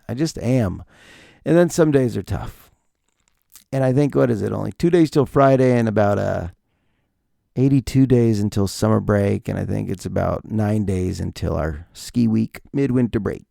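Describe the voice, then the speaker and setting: A man's voice: mid-range voice, creaky, dark tone, no room sound, clean studio sound. A middle-aged man hosting his own podcast in a casual, rambling monologue, playfully pretending to get emotional. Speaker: podcast host.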